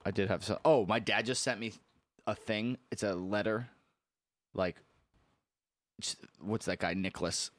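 A man's voice: fairly low pitch, unhurried, long pauses, dry recording. Young man, podcast host, rambling casual talk, full of filler words, swears, dry close sound. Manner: rambling, many fillers, laughs often, swears. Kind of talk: casual chat.

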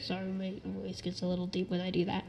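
A man's voice: sits high, monotone, fast talker, creaky, darkish tone, muffled recording. A young man voicing a drunken, rum-obsessed undead pirate captain in a comedy podcast, with blustering pirate talk. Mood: rambling. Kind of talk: improvised comedy podcast role-play.

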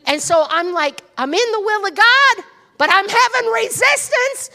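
A woman pastor tells a story in a sermon, animated and dramatic, and talks straight to the congregation. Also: very high voice, unhurried. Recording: long reverb of a large hall.

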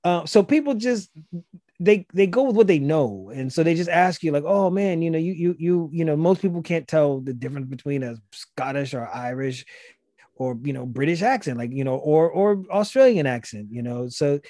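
Mężczyzna z akcentem Gullah Geechee. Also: male voice, fairly high pitch, moderate pace, dark tone, no room sound, clean studio sound. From South Carolina. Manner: loose, repetitive restarts, acts out quoted voices. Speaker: guest, language instructor. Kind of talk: casual conversational explanation.

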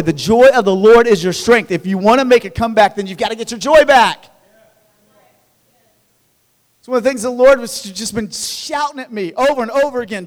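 A man in his thirties preaching a sermon in a church, energetic and conversational, often tripping over and repeating words when excited. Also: high-pitched, brisk. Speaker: pastor. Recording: long reverb of a large hall.

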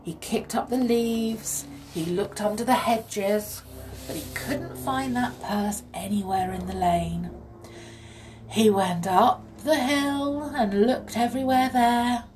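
A woman reading a children's story aloud in an expressive, measured way. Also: a little high, over music.

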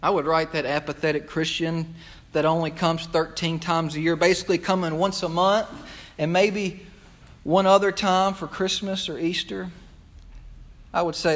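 A man's voice: fairly high pitch, fairly even intonation, moderate pace, fairly bright tone. A male pastor preaching a sermon to his congregation, impassioned and conversational, often repeating his phrases. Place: church sanctuary.

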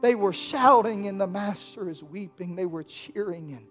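A man preaching a sermon in a high, bright-toned voice, dropping to near whispers and then climbing into shouts. Faint instrumental music plays softly behind him. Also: moderate pace. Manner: preaching with swells from hushed to shouted. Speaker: pastor.

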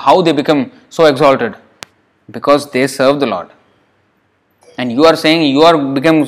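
A man reading a scripture passage aloud and then explaining it in a lecture, with emphatic rhetorical questions, chuckles and many "you know" fillers. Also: medium pitch. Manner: frequent fillers and restarts, emphatic. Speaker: scripture teacher. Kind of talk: scripture reading with sermon commentary.

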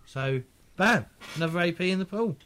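A man narrating a tabletop game as game master, halting and full of restarts. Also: high voice, animated, noisy background.

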